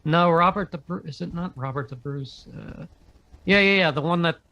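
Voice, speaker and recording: A man's voice: a little high, moderate pace, pushed and bright, dry recording. A man co-hosting and running the audio on a podcast, talking hesitantly with many fillers. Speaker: podcast co-host, producer. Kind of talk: casual chat.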